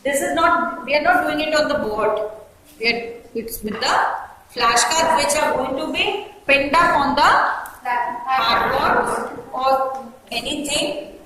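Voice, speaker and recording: A woman with an Indian English accent training student teachers, giving brisk directions and often checking that they follow. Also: high-pitched, bright, forceful tone. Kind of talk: classroom instruction. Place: classroom. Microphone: far camera mic. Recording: echoey classroom from far off, faint noise.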